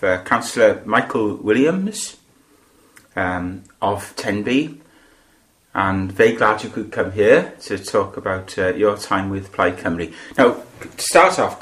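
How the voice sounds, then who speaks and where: A man conducting an oral history interview, asking friendly questions and giving short acknowledgements. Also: fairly low pitch. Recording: roomy sound.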